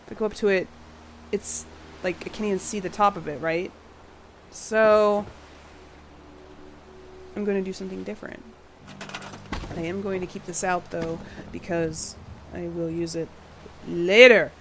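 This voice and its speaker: A woman's voice: fairly low pitch, steady tone, a little slow, long pauses, slight background noise. A woman casually commenting while she builds in a video game, thinking aloud and rambling as she goes. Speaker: gaming video creator.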